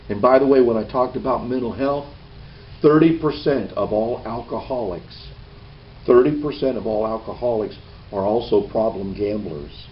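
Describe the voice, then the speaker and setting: A man's voice: fairly low pitch, distant mic. A man giving a training presentation in a meeting room, folksy and checking in with "okay" after each point. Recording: dull lo-fi camera audio with faint hiss.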